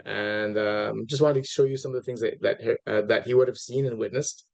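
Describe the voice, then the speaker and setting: A man's voice: fairly low pitch, steady tone, normal speed, gravelly, darkish tone. A middle-aged man lecturing an audience in a chatty way, with many fillers and restarts and asides to his listeners. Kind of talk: informal lecture.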